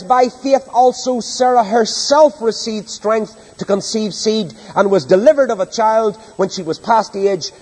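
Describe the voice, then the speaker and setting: A man's voice: high voice, darkish tone, slightly rough. A man preaching an evening sermon in church, reading scripture aloud with emphatic, dramatic delivery. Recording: long reverb of a large hall.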